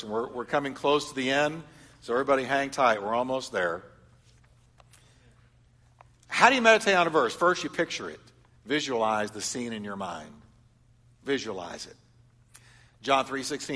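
A man preaching as a pastor, animated, swinging between loud exhortation and soft, quiet reflection. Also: medium pitch. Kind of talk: sermon teaching. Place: church hall. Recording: long hall reverb.

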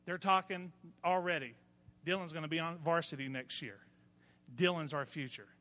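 A man's voice: fairly high pitch, fairly even intonation, normal speed, bright, forceful tone, big-room sound. A man, preaching a sermon as pastor, telling folksy stories and building to emphatic points. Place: church.

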